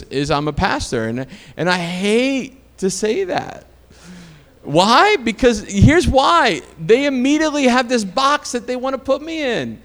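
Male pastor, chatty sermon delivery that swells to emphatic highs, hall echo. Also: fairly bright tone. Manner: conversational storytelling with rising emphatic peaks. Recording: long hall reverb.

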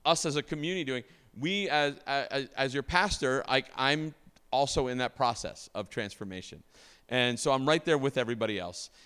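Male pastor, middle-aged, relaxed sermon delivery with restarts and questions to the room, mid-pitched voice. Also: clear, resonant tone. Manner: casual, many fillers and restarts, asks the congregation questions. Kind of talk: conversational sermon.

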